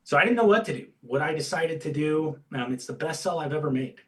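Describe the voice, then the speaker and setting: A man's voice: a little high, quick pace, far from the mic, low-quality recording. Candid storytelling man, a bit off-mic. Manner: candid, animated storyteller who acts out quoted dialogue. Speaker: guest, insurance agency owner and coach. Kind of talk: conversational interview storytelling.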